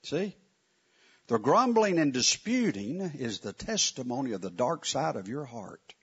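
A man's voice: medium pitch, sing-song, unhurried, a bit bright, breathy edge. A man teaching a Bible lesson in a conversational, wry way, often putting questions to his listeners. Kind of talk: sermon teaching. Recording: dull lo-fi recording.

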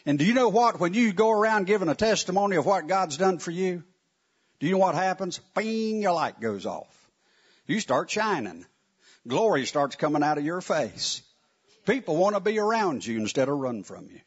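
Animated, husky-voiced man teaching a sermon. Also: sits high, moderate pace. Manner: conversational, wry, asks the audience questions. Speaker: Bible teacher. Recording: dull lo-fi recording.

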